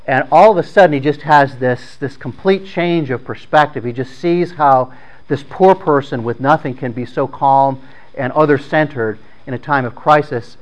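A man tells a story out loud in an informal, conversational way. His voice sits at an ordinary middle pitch. He often stumbles, repeats words and starts phrases again as he goes. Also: low-quality recording. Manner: halting, with frequent repeated words and restarts; conversational, plain-spoken.

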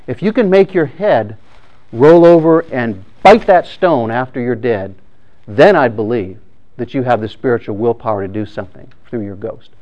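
A man voicing a calm, polite samurai swordsman in a spoken story. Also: mid-range voice, normal speed, highs cut off, lightly acted.

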